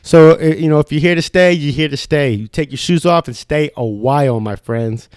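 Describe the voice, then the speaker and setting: A man's voice: fairly high pitch, normal speed, a little mellow, smooth, no room sound, studio quality. A young man hosting a podcast alone, rambling in a heated, profane, casual way. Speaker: podcast host. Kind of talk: casual solo podcast rant.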